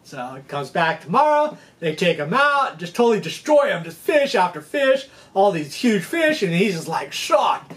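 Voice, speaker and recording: Man, high voice, fishing host, casual rambling lesson, chatty. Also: very animated, moderate pace, a bit bright. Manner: chatty, rambling, checks in with "okay?". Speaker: fishing guide and channel host.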